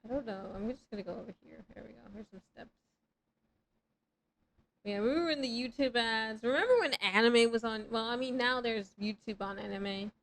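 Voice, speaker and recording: A woman in her thirties, streaming a game live and rambling to her chat. Her voice sits a little high, and she swears freely and pokes fun at herself. A faint hum of ambience sits under her talk. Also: normal speed, vocal fry, rough recording. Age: 30s. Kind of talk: casual live gameplay chat.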